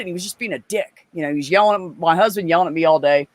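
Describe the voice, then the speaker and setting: A woman telling profane, animated stories in a casual chat as a guest. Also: on the low side, racing, few pauses, dry recording.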